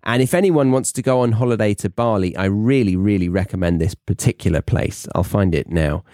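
Chatty British man, low dry voice. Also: brisk, warm tone, no room sound. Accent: British English. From England. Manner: chatty, self-mocking, rambling asides. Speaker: podcast host. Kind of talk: casual monologue for English learners.

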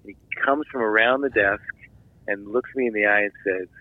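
A man from Philadelphia, a filmmaker guest, telling a long anecdote in an animated interview, with restarts and asides. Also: on the low side, normal speed, no room sound, narrow, tinny audio. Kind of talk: storytelling interview.

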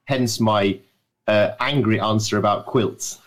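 A man's voice: on the low side, unhurried. A man from the north of England with an English accent, a guest on a podcast, talking over a remote call from his writing shed with dry, self-mocking humor. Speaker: guest adventurer.

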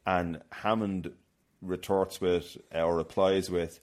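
A man's voice: low voice, little pitch movement, slow pace, darkish tone. A man hosting a casual film podcast, chatty and loose, often laughing. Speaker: podcast host.

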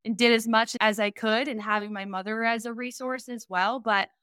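Smooth-voiced young woman, chatty guest. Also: fairly high pitch, fairly even intonation, normal speed, sharp tone, dry recording, clean studio sound. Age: 20s. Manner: chatty, candid, playful banter. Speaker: guest, vacation rental business owner. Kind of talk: casual podcast interview.

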